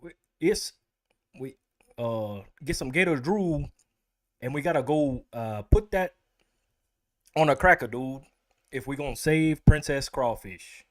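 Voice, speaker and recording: A man's voice: mid-range voice, expressive, measured pace, long pauses, natural voice. A man voicing a goofy redneck take on a cartoon plumber hero in a hammy drawl during a livestream bit.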